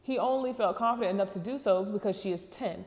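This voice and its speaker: A woman's voice: medium pitch, darkish tone. Chatty woman host in a reverberant room. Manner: chatty, candid, quick reactions with laughs and slang. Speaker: host reading and reacting to online posts. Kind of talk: casual chat and reading aloud.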